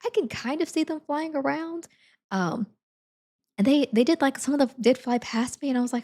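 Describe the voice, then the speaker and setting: Woman streamer, casual anecdote, giggles a lot, slightly high voice. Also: moderate pace, mellow. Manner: laughs often, self-deprecating. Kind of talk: casual storytelling.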